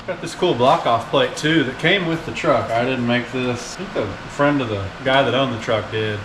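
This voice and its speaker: A man's voice: medium pitch, moderate pace, noisy background. A man hosting a DIY truck build, talking casually and wryly while he works on the vehicle, swearing now and then as he goes. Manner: wry, rambling, swears casually while working. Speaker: DIY mechanic channel host. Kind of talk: casual garage work commentary. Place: home garage or shop.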